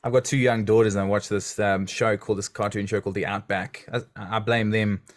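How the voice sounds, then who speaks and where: A man's voice: fairly low pitch, fairly even intonation, a little fast. A man, hosting an interview podcast with an effusive manner. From New Zealand. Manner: enthusiastic, effusive. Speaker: podcast host. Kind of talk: casual interview chat.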